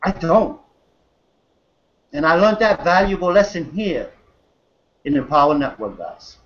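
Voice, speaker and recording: A man's voice: expressive, unhurried, a bit bright, highs cut off. Hyped man hosting a web call. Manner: hyped, repeats "guys", pitches a sign-up. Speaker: host. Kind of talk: motivational webinar hosting. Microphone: video call.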